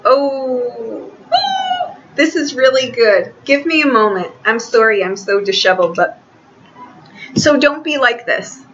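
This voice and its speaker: A woman reads tarot cards in a loose, chatty way, often stopping and restarting her sentences. Her voice is bright and forward. The recording sounds a little dull, with faint noise behind her. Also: fairly high pitch. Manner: chatty, halting, many restarts. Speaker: tarot reader. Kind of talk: casual tarot reading.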